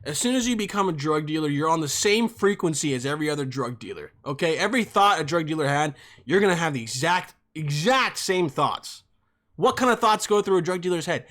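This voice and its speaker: A man's voice: high-pitched, animated, a little fast, a bit bright. A young man in his twenties hosting a solo podcast, rambling and profane, jumping between topics. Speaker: podcast host.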